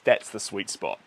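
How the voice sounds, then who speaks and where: A man's voice: on the high side, vocal fry, sharp tone, slightly rough, dry recording. A man chatting casually with his viewers during a live art stream, rambling and playful, often chuckling. He is recording outdoors under a shelter by a lake.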